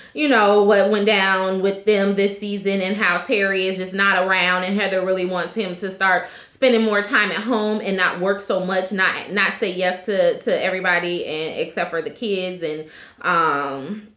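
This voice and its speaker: In an echoey room, a woman in her thirties chats through a reality show recap for her vlog. Her voice is mid-range and a bit bright, and she's opinionated, with plenty of filler words.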